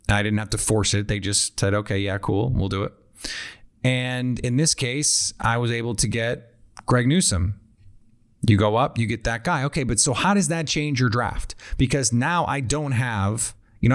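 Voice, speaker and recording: A man hosting a football talk show, thinking aloud and breaking down draft picks in a conversational way. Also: mid-range voice. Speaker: football analyst host. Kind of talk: casual draft analysis talk.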